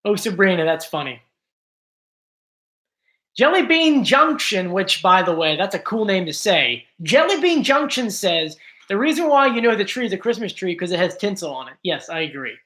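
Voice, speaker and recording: A man's voice: high-pitched, sing-song, normal speed, pushed and bright. A man from South Jersey hosting a casual livestream, reading viewer comments and answering in a chatty, rambling way full of likes and ums. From South Jersey, USA. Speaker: YouTube show host.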